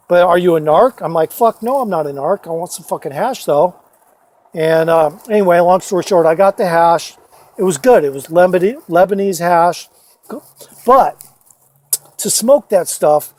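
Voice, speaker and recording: A man with a notably high-pitched voice tells loose, meandering personal stories into his phone. He swears freely and keeps stopping to restart his sentences, padding them with "uh" and "you know". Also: a little mellow. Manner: profane, rambling, many fillers and restarts. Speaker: storyteller vlogger. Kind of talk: casual rambling storytelling.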